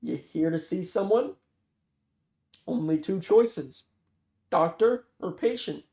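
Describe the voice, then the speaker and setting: A man's voice: high voice, animated, slow, a little mellow, exaggerated voice. Man doing a 70-year-old Philadelphia guard, ex-patrol cop, blunt and teasing, storybook reading, echoey. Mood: gruff teasing. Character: gruff seventy-year-old male ex-cop security guard. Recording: roomy echo.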